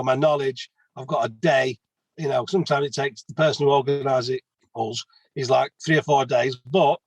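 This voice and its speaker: A man's voice: a little high, no room sound, rough recording. A man, a plumber telling stories as a guest in a casual interview. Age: 50s. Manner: chatty storyteller, many restarts.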